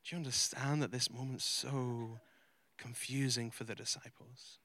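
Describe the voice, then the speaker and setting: A male pastor preaching a sermon, earnest and confessional, moving between loud emphatic preaching and quiet, vulnerable admission. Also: mid-range voice, flat delivery, normal speed. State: close to tears. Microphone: handheld or stage mic.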